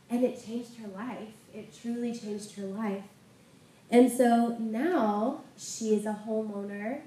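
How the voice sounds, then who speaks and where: A woman's voice: fairly high pitch, warm tone. A woman preaching a sermon, telling a testimony story with passion. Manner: impassioned storytelling. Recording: roomy sound from a distant mic.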